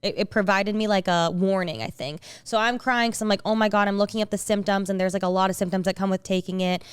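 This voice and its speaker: A young woman chats on her podcast in a loose, rambling way, packing her sentences with "like" and restarting them. Her voice is smooth and clear. It sits close and dry on the mic. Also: mid-range voice, fairly even intonation, fast talker, no echo. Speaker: podcast co-host. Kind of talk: casual chat.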